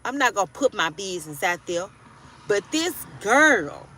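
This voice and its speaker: A woman's voice: medium pitch, very animated, normal speed, bright, forceful tone, slight background noise. A woman in her forties giving a casual tarot reading, blunt and profane, preaching and often asking if you hear her. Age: 40s. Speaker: tarot reader.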